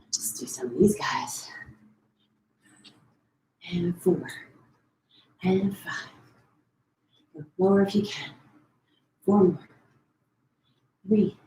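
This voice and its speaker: A Pilates instructor, a woman, counts down reps and slips in quick form cues, a little out of breath as she moves. She takes her time between counts. Her voice rings in a roomy, echoey space at home. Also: medium pitch, sing-song, gravelly, dark tone, slight background noise. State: a bit out of breath. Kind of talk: live online fitness class cueing. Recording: echoey room.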